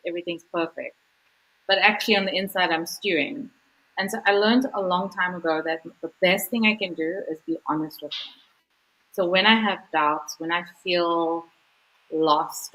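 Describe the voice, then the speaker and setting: A woman's voice: fairly low pitch, a bit bright, poor audio. A woman author speaking as an interview guest, earnest and reflective, talking in a candid, informal way with frequent "like" and "you know.".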